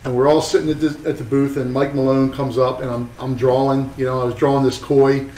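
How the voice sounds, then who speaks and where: A man's voice: medium pitch, little pitch movement, brisk, warm tone, echoey room, recorded from a distance, slight background noise, low-quality recording. A man, a tattoo artist, telling a long story in rambling, profane casual chat with many restarts.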